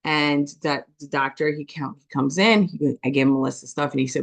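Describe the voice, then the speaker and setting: A woman giving a personal testimony, talking quickly and passionately, often checking in with "okay?" and acting out voices as she tells her story. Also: low voice, creaky. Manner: animated storytelling with quoted dialogue. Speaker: business testimony speaker.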